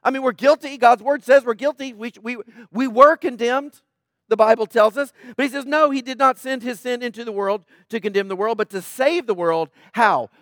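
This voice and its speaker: A man's voice: extremely high pitch, moderate pace, fairly bright tone, no echo, clean studio sound. A middle-aged man preaching a sermon in an emphatic, conversational way, often asking questions.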